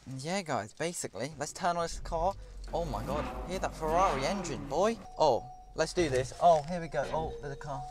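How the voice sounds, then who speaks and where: A young British man giving a jokey, excitable, sweary running commentary while driving, recorded on a dashboard camera inside his car. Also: fairly high pitch, normal speed. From United Kingdom. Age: young adult. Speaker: vlogger. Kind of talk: casual driving vlog commentary. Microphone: dashboard action camera. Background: car radio music.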